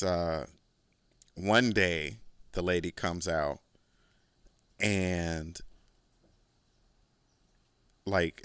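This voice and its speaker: A man's voice: low voice, a bit bright, dry recording, studio quality. A man hosting a podcast, telling a rambling, profane story in a casual, laid-back way. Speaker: podcast host.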